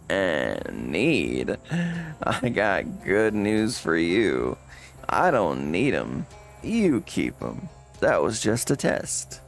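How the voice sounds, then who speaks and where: A man's voice: low-pitched, wildly swooping pitch, extremely slow, gravelly, full character voice. A man voicing an odd, scheming male leather hunter with a British accent, drawling folksy lines and calling people mate over faint game music.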